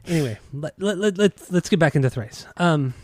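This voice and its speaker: A man's voice: on the high side, expressive, fairly quick, a little mellow, dry recording, clean studio sound. Laid-back swearing podcast guy. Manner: laid-back, profane banter. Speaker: podcast co-host. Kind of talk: casual podcast chat.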